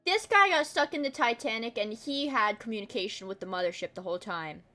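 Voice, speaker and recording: A woman's voice: fairly high pitch, brisk, bright, forceful tone, soft background music. A woman streamer giving blunt, crude, joking commentary over a news clip in a casual live-stream chat.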